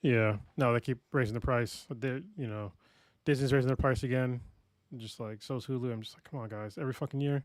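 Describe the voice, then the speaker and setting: A man's voice: medium pitch, steady tone, fairly quick, no echo. Dry-voiced man in casual podcast chat. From California. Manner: swears often, reads prices aloud in disbelief. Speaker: podcast co-host.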